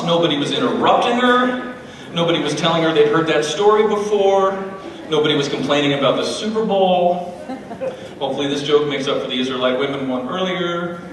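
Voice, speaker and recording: A man delivers a stand-up set with wry, deadpan asides, his voice a little higher than most. He is recorded from far away in a big church hall, with heavy echo and a long reverb trailing off. A faint room murmur sits underneath. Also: a little hiss or hum. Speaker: comedian at a church.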